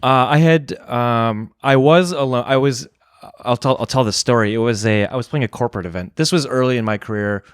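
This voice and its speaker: A man's voice: mid-range voice, fairly quick, clean tone, dry recording, clean studio sound. A young adult man, a DJ, talking openly and reflectively on a podcast, telling a personal story with fillers and restarts. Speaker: DJ and podcast guest. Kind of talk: candid conversational storytelling.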